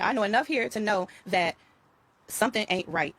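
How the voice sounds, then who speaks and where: A woman's voice: mid-range voice, expressive, moderate pace, a bit bright. A middle-aged woman, talking in a casual spiritual vlog, emphatic and repetitive, calling her viewers y'all. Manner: emphatic, repeats phrases, addresses viewers as y'all and child. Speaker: vlogger talking to her followers.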